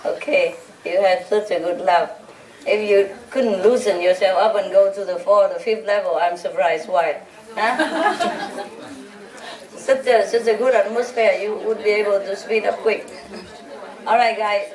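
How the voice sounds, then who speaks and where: Picked up from afar in a roomy hall, a woman spiritual teacher speaks unhurriedly in a mid-range voice, teasing her followers and laughing often. Crowd noise and audience laughter fill the background.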